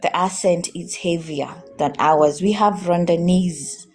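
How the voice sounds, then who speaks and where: A Kenyan woman on a live-streamed interview, giving coaching advice on speaking calmly and clearly. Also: lowish voice, soft background music. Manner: coaching, demonstrates calm versus rushed speaking. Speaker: guest. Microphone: phone or video call.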